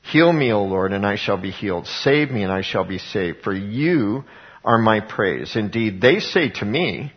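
A man's voice: lowish voice, expressive, moderate pace, breathy edge, muffled recording. A man preaching a sermon, reading scripture aloud and explaining it in a conversational way, with frequent fillers and repeated words, rising to emphatic passages.

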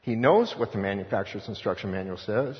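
A man's voice: on the low side, lively intonation, fast talker. A middle-aged man preaching a sermon, telling stories and driving his points home with emphatic repetition. His voice carries through a long-echoing hall. The recording sounds dull and lo-fi. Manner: storytelling with acted-out voices of others. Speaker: pastor.

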